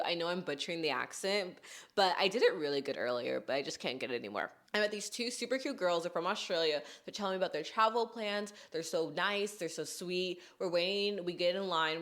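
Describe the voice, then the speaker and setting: A woman's voice: lowish voice, a little fast, a bit bright. A young woman from Texas hosting a podcast in casual chat, talking in a chatty way full of "like" and "you know what I mean.". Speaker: podcast host.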